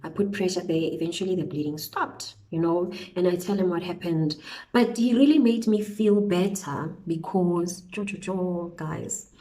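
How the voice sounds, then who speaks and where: A woman's voice: fairly low pitch, moderate pace, low-quality recording. Chatty woman telling a storytime over makeup. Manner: chatty, animated storytelling with slang interjections. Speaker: beauty vlogger. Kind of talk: storytime while doing makeup. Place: indoors at home, windy outside.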